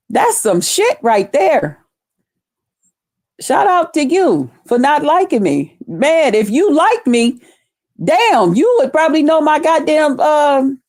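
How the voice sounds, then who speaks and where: A woman's voice: on the high side, big pitch swings, measured pace, darkish tone, no room sound, clean studio sound. A woman hosting a casual live stream, talking loosely with lots of profanity and greeting viewers by name. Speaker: livestream host.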